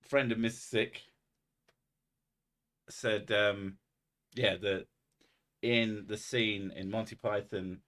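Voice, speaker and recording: A man with a lowish voice talks to his live-stream audience in a loose, rambling way. He swears freely and pokes fun at himself as he drifts from one thought to the next. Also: steady tone, slow, pauses often, fairly bright tone. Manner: rambling, sweary and self-mocking. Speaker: streamer hosting a live chat. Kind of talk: casual live-stream chat.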